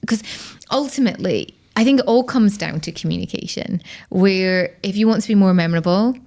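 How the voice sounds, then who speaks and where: A woman's voice: mid-range voice, a little fast, darkish tone. Opinionated Scottish woman, podcast guest. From Scotland. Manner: emphatic and opinionated, acts out quoted dialogue. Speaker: podcast guest, personal branding expert. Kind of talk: conversational interview.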